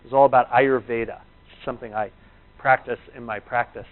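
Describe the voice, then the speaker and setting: A man's voice: medium pitch, steady tone, brisk. A man, a chiropractor, giving a rambling anecdotal talk to a live audience. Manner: rambling, conversational storytelling. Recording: tinny, phone-like narrow sound.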